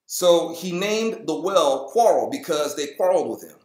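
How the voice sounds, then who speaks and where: Jokey man reading scripture, lively pitch. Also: normal speed, roomy sound. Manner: jokey, acts out the people in the story in goofy high voices. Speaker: host. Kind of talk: casual Bible reading with comic asides.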